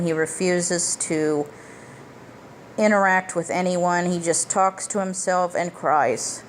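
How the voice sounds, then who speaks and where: Lowish voiced woman going over a movie plot slow, swears a lot, blunt asides. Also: a little hiss or hum. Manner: blunt and profane, retells with emphatic asides. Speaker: movie reviewer. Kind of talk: casual plot recap.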